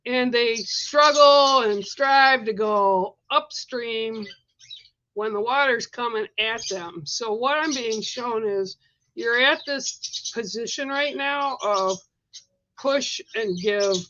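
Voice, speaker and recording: A woman leads a livestreamed oracle card reading in a fairly high, bright voice. She talks gently and reassuringly, checking in with the listener, while a cough keeps catching her. The stream audio is dull and lo-fi, with faint birds chirping behind. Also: slow pace. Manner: gentle, reassuring, coaxing with "right?" and "okay?". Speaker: spiritual card reader.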